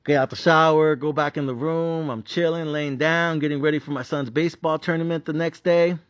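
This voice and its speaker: A man hosting a sports betting podcast, ranting in a swearing, repetitive and animated way. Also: a little high, fairly quick, clean tone, no room sound. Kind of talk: profane ranting monologue. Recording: dry, dull lo-fi sound.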